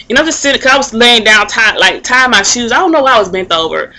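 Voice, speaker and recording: A woman's voice: a little high, fast, pushed and bright, rough recording. A young woman vlogging casually to camera, telling a rambling story full of fillers and restarts. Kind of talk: casual talking-to-camera vlog.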